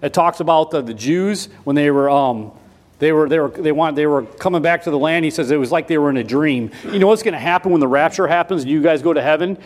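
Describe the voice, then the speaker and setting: A man preaching a sermon in a folksy, repetitive way, switching between loud emphasis and quiet asides. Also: on the high side, fast talker. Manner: folksy, repeats himself with restarts.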